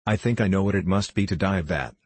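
A man's voice: sits low, fast talker, slightly rough, no echo. A man doing a proud young orphan boy. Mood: sorrowful. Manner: quiet, then sharp.

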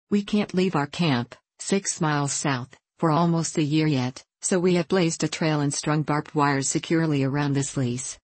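A woman reading the lines of a stern middle-aged male lumber boss in a storybook, with measured, earnest explaining. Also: low voice, darkish tone, no echo.

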